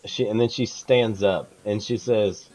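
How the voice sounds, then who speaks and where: A man playing a tabletop game, describing his character's actions in a halting, casual way. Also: fairly low pitch, fairly even intonation, a little mellow, faint music behind. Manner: halting, with restarts while narrating his character. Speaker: player.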